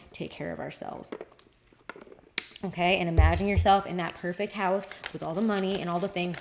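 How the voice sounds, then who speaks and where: Woman streamer reading tarot, low voice, loose chatty delivery with swearing. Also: slight background noise. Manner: chatty, rambling, swears casually. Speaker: tarot reader on a livestream. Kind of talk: casual livestream tarot reading.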